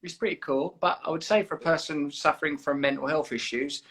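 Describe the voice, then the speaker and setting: A man hosting a live video chat, teasing and then warmly encouraging a young caller. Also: on the high side, steady tone, brisk, breathy edge. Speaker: host of an Instagram live chat. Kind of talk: casual live-stream chat.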